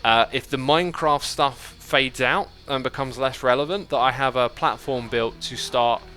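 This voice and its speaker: A man hosting a game livestream in a relaxed, rambling way, reading chat and planning out loud. His voice is bright and forward. Faint music plays softly in the background. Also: mid-range voice, normal speed. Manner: chatty, thinks aloud, reads out chat messages. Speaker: livestream host. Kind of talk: casual chat while playing a building game.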